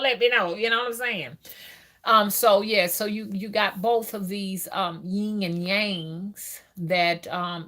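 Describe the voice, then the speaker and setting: A woman's voice: lowish voice, fairly bright tone. A woman hosting a casual spiritual live stream, talking loosely with many fillers and reading out viewer comments.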